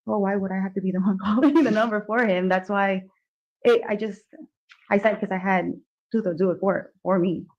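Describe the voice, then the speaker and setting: A woman on the witness stand with a gravelly, fry-laden voice. She answers softly and haltingly, restarting often. The courtroom audio is dull and lo-fi. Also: medium pitch, fairly even intonation. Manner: soft, hesitant answers with restarts and polite "yes, ma'am". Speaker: defendant testifying at trial. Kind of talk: courtroom testimony.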